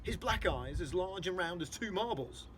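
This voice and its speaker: A man's voice: high-pitched, expressive, normal speed, fairly bright tone, a little hiss or hum. A man reading a children's storybook aloud, explaining hard words for young listeners.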